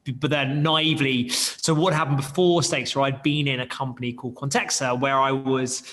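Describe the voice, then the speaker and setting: A man founder telling stories in an animated way, with quick restarts and bursts of acted quotes. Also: mid-range voice, in a large hall. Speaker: startup founder, guest. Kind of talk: animated storytelling in an interview. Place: London.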